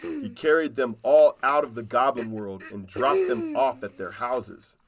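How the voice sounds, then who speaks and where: A man reads a children's picture book aloud at a slow, easy pace. His storytelling is calm and unhurried, with a middle pitch.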